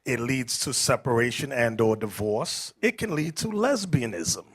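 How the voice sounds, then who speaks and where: A man preaching to a group, emphatic, quizzing his listeners and rising into shouts. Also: mid-range voice, animated, moderate pace, husky. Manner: emphatic, rising to shouts, asks the crowd questions. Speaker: street preacher.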